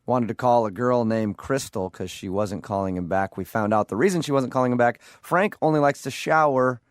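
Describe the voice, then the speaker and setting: A man's voice: mid-range voice, a little fast, smooth, no room sound, studio quality. A man hosting a morning radio show, joking and teasing his co-host and callers. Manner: joking, teasing, laughs often.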